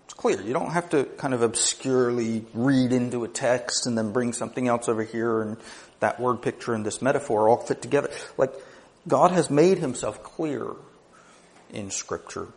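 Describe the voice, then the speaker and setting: A man's voice: medium pitch, normal speed, darkish tone. Man preaching a structured sermon. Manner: teaching in numbered points, building to emphatic peaks. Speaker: pastor.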